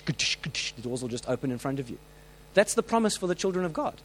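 A man preaching a sermon, telling stories with lively acted-out voices and frequent restarts. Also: on the high side, brisk, a little hiss or hum, poor audio. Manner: animated storytelling, acts out quoted voices; many restarts and filler words.

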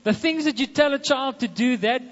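A man preaches a sermon with a fairly high voice, turning now and then to talk directly to his congregation. The sound is dull and muffled, and his words ring out through a large, reverberant church hall. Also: normal speed. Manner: animated preaching with asides to the congregation. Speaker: pastor.

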